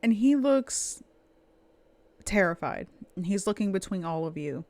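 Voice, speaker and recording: Slow-narrating woman game master. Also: mid-range voice, lively intonation, darkish tone, dry recording. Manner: slow, dramatic storytelling.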